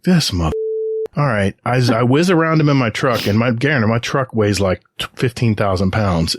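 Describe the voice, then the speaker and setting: A man's voice: mid-range voice, no room sound. A middle-aged American man, a podcast co-host, telling a story in casual chat and acting out the voices of people in it. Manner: animated anecdote with quoted voices. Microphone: podcast microphone.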